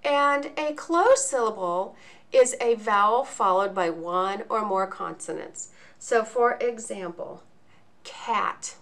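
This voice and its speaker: A woman teaching a lesson in a video, explaining each point slowly and enunciating clearly. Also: mid-range voice, animated, fairly bright tone. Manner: slow, deliberate, clearly enunciated.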